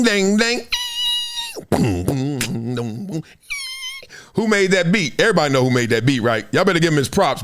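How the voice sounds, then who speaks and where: A man in his fifties hosting his own show, telling loose, slang-heavy stories and acting out the people in them. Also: medium pitch. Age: 50s. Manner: animated, street slang, acts out quoted voices. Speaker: show host. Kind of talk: casual storytelling to camera.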